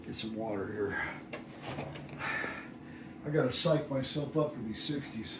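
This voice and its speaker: A breathless man in his sixties counts reps during his workout vlog, muttering and groaning between sets. His voice sits at medium pitch and moves a little slowly. Captured at a distance by a phone camera, the sound is echoey with background noise.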